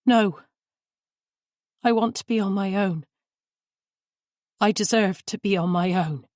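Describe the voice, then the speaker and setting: A woman's voice: medium pitch, slow, darkish tone, no room sound, studio quality, natural voice. A woman reader voicing a fragile, guilt-ridden woman who pleads and confesses through tears. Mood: panicked. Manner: tearful, pleading, emphatic.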